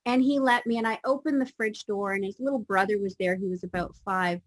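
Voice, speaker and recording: A woman guest telling a personal story in conversation, animated and acting out the voices in it. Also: mid-range voice, a little fast, no room sound, low-quality recording. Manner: animated, acts out voices in her stories. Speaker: guest speaker.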